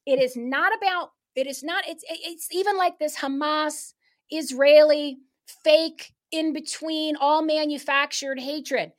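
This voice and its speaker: A woman guest on a talk show speaking in a fired-up, emphatic, rapid way. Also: high-pitched, fairly even intonation. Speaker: guest activist. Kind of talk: casual talk-show chat.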